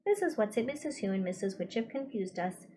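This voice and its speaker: A woman voicing a small boy under a spell who speaks in a calm, coldly reasonable way in a storybook reading. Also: mid-range voice, fairly quick, close to an everyday voice.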